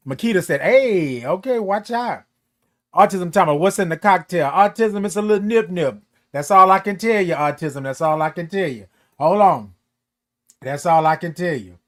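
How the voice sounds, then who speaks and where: Playful and high-voiced, this man hosts a morning show livestream at home among Christmas decorations, camera close to his face. He talks at a normal speed with a fairly bright tone, drawls, and greets viewers by name in casual chat.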